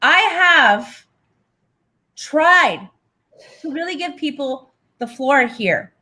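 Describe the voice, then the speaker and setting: Woman hosting a live stream, high sharp voice, begging everyone to calm down. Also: extremely slow. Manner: pleading, strained, swears. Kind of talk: moderating a heated live stream.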